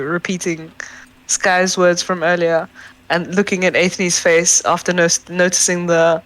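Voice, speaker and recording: A woman playing a tabletop game, bubbly and quick to gasp and laugh as she narrates her character's actions. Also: on the low side, little pitch movement, a bit bright, poor audio. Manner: bubbly, gasps and laughs often. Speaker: player.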